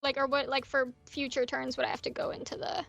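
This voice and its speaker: A woman's voice: high-pitched, little pitch movement, quick pace, creaky, a bit bright, dry recording, soft background music. A woman playing a tabletop game, describing her actions in a chatty, hesitant way and thinking aloud about the rules. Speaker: player. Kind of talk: casual tabletop play.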